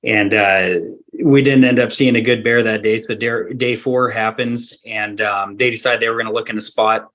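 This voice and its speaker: A man's voice: lowish voice, steady tone, moderate pace, a bit bright. Guy from alaska telling a hunting story on a podcast, laughs a lot, acts out the dialogue. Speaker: hunting guide and guest.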